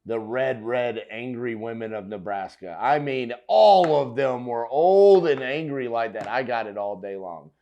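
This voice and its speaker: A man hosting a reaction video, talking loudly and emphatically, with casual swearing. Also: medium pitch, unhurried, few pauses, highs cut off. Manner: loud, emphatic and profane. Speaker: host reacting to clips.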